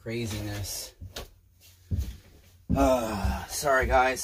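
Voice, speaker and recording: A low-voiced man talks to the camera while he works on a repair, tired and overwhelmed, muttering and swearing under his breath. His casual vlog talk carries plain frustration. Workshop noise and clicking tools sit clearly behind him. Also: level tone, moderate pace. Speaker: small-engine repairman.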